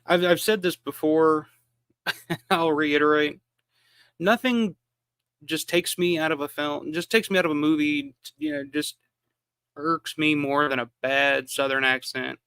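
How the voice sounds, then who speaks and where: A man's voice: a little high, fairly even intonation, unhurried, bright, forceful tone, clean tone, no echo. A man from the American South hosting a live watch-along, giving casual film commentary with lots of restarts and fillers. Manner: rambling, frequent restarts and fillers. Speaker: live stream host.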